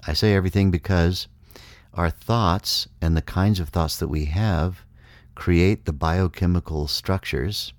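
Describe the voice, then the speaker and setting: A man giving a measured, reflective spiritual talk, explaining ideas step by step. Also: very deep voice, darkish tone, no echo, studio quality. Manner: measured, explanatory, acts out inner voices. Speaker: speaker on consciousness.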